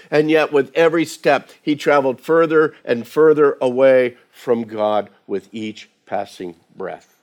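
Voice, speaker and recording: A man's voice: fairly high pitch, darkish tone. A man preaching a sermon as pastor, talking conversationally and acting out quoted voices.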